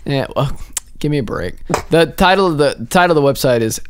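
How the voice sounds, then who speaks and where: A man's voice: fairly high pitch, expressive, brisk, smooth. A young man co-hosting a podcast in casual chat, joking, rambling and laughing often. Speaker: podcast co-host.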